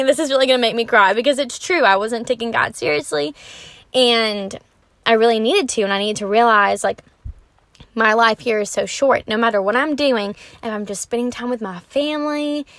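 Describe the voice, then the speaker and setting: A young Christian vlogger with a mid-range voice talks to camera about her faith, casual yet earnest and chatty, using lots of fillers like "um" and "like." She gets animated when retelling conversations. The recording is dry.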